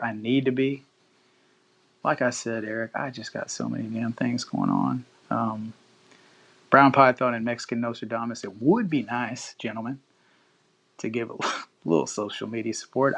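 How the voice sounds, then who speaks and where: A man's voice: medium pitch, a bit bright. A man hosting a live-stream podcast, chatting casually with listeners and reading news aloud with loose, profane asides. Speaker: podcast host.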